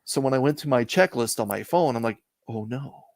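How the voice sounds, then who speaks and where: Man, middle-aged, from Canada, gravelly voice, dry close sound, reflective storytelling. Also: medium pitch, expressive, no echo. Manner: measured, reflective storytelling with frequent "uh" pauses. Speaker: interview guest, comic collector. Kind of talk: casual storytelling interview.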